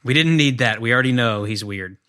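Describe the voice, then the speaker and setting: A man's voice: mid-range voice, brisk, sharp tone, clean tone. A married man co-hosting a casual movie podcast, making dry jokes and mocking the scenes. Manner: dry joking, mocking retellings. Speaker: podcast co-host.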